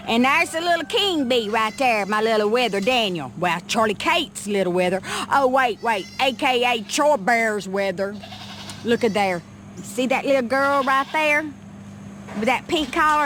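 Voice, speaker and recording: A woman's voice: on the high side, animated, moderate pace, noisy background. A woman, giving a chatty walking vlog around her farm. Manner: chatty, calls out loudly to animals. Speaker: homestead vlogger. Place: outdoors on a farm by goat pens. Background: goats bleating.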